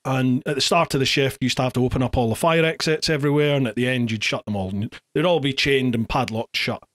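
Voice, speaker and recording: A middle-aged man hosts a podcast in relaxed conversation. His voice sits in an ordinary middle pitch, and he tells stories in an animated way, stumbling and restarting as he goes. He acts out the lines he once shouted. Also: quick pace. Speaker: podcast host. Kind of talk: casual podcast storytelling.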